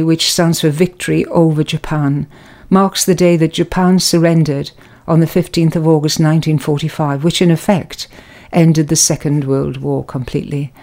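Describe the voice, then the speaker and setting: A woman giving a calm, measured and earnest spoken devotional reflection. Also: deep voice. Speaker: preacher.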